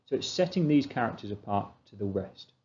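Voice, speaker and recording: Dark-voiced man teaching a revision lesson. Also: lowish voice, expressive, fairly quick, muffled recording. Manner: explanatory, asks and answers his own questions.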